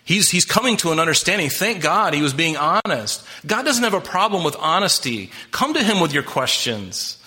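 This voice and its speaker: A man's voice: on the high side, sing-song, normal speed, few pauses, pushed and bright. A man preaching a sermon as pastor, emphatic and impassioned, talking straight to his congregation.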